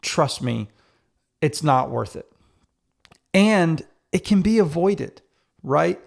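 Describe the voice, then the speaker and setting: A man's voice: on the high side, animated, slow pace, vocal fry. A married man hosting a podcast, talking candidly and self-critically and speaking directly to the men listening. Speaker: podcast host. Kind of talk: casual solo podcast talk.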